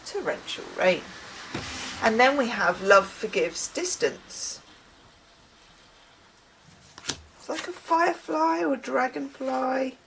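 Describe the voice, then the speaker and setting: A woman's voice: sits high, expressive, slow pace, creaky, long pauses, background noise. A woman giving a casual tarot reading, chatting in musing asides and reading card texts aloud. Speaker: tarot reader.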